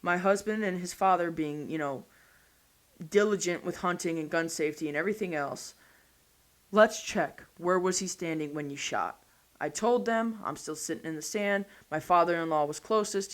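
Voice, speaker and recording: A woman's voice: on the low side, fairly quick. A woman in her thirties, a podcast guest, telling a story in a blunt, casual way and swearing freely.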